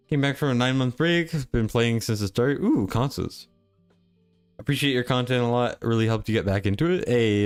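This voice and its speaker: A young man casually talking through a game stream in a low-key, near-monotone way, reading chat aloud. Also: clear, resonant tone. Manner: laid-back, mumbling, reads chat aloud.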